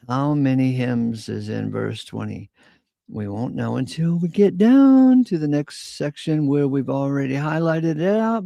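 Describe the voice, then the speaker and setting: A man leads an informal Bible study, reading scripture slowly and breaking off into casual asides. His voice is low-toned, mellow and gravelly, and he speaks at an unhurried pace. The sound is dry and close, with no room echo. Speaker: Bible teacher.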